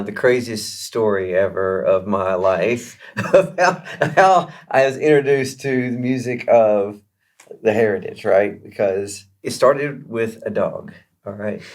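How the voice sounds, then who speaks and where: Interviewed as a guest musician, a man tells a long story in a chatty, animated way, with lots of fillers and restarts. His voice is on the low side.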